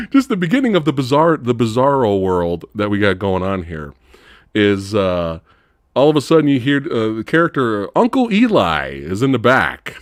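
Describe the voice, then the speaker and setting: A man hosting a casual movie review chat, animated, laughing often and acting out characters in high voices. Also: no room sound, studio quality. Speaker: host.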